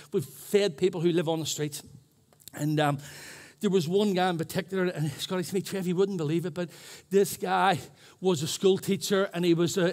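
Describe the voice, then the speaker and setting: A male pastor preaching a sermon in church, earnest and chatty, telling stories. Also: high-pitched. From New Zealand. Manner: earnest, chatty, self-deprecating storytelling.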